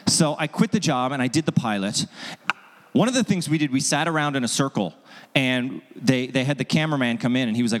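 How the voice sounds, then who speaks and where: A man telling a comic story on stage as host, acting out quoted people with sudden jumps in pitch. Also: fast talker. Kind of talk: stand-up storytelling. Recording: long hall reverb.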